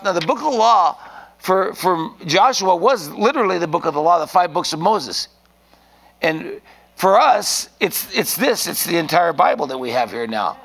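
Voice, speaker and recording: A man's voice: high voice, animated, normal speed, a bit bright. A man preaching an informal sermon in a rambling, folksy way, often restarting his sentences.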